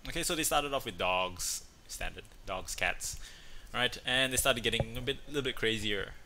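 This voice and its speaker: Bright-voiced man chatting playfully. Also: mid-range voice, normal speed, a little hiss or hum. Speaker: host. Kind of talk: casual chat, telling a joke.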